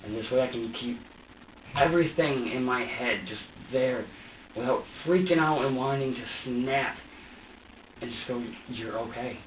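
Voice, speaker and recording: A man of medium pitch and normal speed gives a police interrogation statement, anxiously rambling, repeating himself, and restarting sentences. The room recorder sits far away in the interview room, producing a distant, roomy, dull lo-fi recording with faint hiss.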